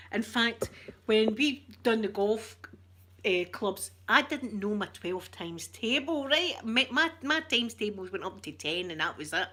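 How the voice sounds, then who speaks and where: Her medium-pitched voice is a bit bright, carrying a Scottish accent. As an ASMR streamer, she chats casually with her viewers, sharing stories and laughing a lot.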